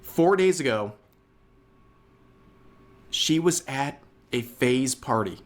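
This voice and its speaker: Commentary narrator, male: slow, sarcastic, with a lively, swooping pitch. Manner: mocking, sarcastic.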